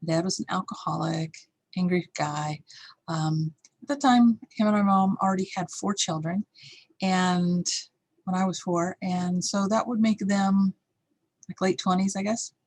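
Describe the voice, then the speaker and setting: A husky, lower-voiced woman speaks in a candid, reflective way, sharing a personal story as a teacher. She is middle-aged and now and then acts out the lines that others said. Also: fairly even intonation, unhurried, a little mellow. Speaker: course teacher.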